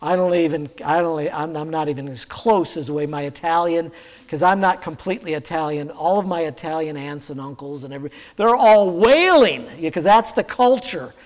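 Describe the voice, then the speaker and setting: A man in his sixties preaching a sermon, telling a personal story in a halting way with many fillers and restarts. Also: a little high, big-room sound. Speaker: pastor.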